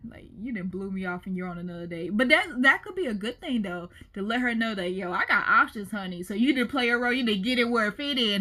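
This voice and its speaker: A woman hosting a reaction video, chatting casually and expressively about the clips she watches. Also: fairly high pitch. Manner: chatty, expressive, laughs often.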